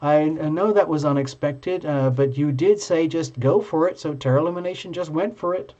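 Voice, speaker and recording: A man hosting a live tarot stream, chatting with viewers in an excitable, gushing and playful way. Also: a little high, moderate pace. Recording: dull lo-fi stream audio.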